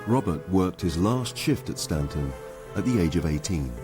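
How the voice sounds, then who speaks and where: A male documentary narrator with a very deep voice reads a scripted voice-over. His pitch moves expressively through each line. Music runs beneath him. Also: expressive, normal speed.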